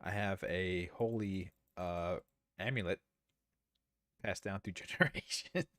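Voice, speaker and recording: A man's voice: deep voice, steady tone, slow, a bit bright, dry recording, clean studio sound. A man giving casual, sarcastic, rambling commentary while streaming a game.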